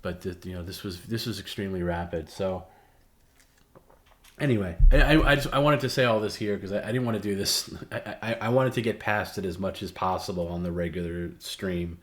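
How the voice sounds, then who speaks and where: A middle-aged man hosting a livestream, telling a personal story in a candid, meandering way that often trails off softly. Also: low-pitched, brisk. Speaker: livestream host. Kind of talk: casual storytelling.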